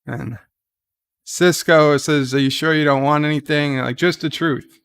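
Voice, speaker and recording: A man's voice: fairly high pitch, fairly even intonation, a little slow, fairly bright tone, smooth. A man hosting a live reaction stream, retelling the scenes in a casual, rambling way with restarts and fillers.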